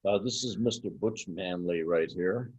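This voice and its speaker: A man, a puppeteer guest, talking in a halting, rambling way in a casual chat. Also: low-pitched, a little mellow, slightly rough. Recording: dry, dull lo-fi audio.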